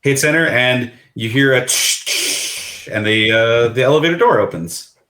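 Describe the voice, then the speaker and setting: A man narrating as game master of a tabletop game, halting with frequent restarts. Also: mid-range voice, pushed and bright, echoey room, a little hiss or hum.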